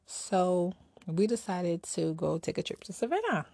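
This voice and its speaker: A woman's voice: lowish voice, lively intonation, measured pace, creaky, darkish tone, slightly rough, no room sound. A middle-aged woman ranting candidly in a casual personal vlog, slightly out of breath, tossing in rhetorical asides. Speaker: vlogger.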